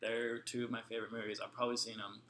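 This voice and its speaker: Young man, bright tone, casual live Q&A chat, laughs a lot. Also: mid-range voice, level tone, rapid-fire, a little hiss or hum. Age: young adult. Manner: chatty, laughs often, storytelling. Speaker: vlog co-host.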